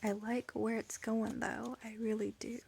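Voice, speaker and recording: A woman's voice: fairly high pitch, little pitch movement, measured pace, creaky, a little mellow, a little hiss or hum. A tired woman chatting in a late-night reading vlog from home, giggling, rambling and often dropping to a whisper. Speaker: book vlogger.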